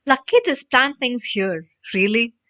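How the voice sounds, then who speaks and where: A woman's voice: fairly high pitch, a little slow, no echo, close to an everyday voice. A woman reading an audiobook, voicing a sarcastic, hot-headed eleven-year-old boy wizard who blusters and snaps. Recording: dry, dull lo-fi audio.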